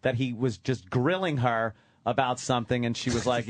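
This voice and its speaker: A man's voice: medium pitch, lively intonation, normal speed, slight background noise. A man trading crude, mocking jokes on a talk radio show, often slipping into put-on voices. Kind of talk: crude comedic radio banter.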